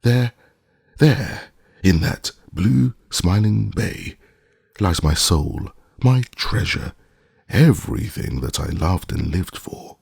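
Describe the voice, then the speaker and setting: A tall, passionate sailor from abroad, put on by a male audiobook narrator. He talks with a slight lisp and a pleading, despairing intensity, pitched well above the narrator's deep, gravelly register. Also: lively intonation, slow pace, a little mellow, dry recording, clean studio sound, exaggerated voice. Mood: anguished. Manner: impassioned, pleading.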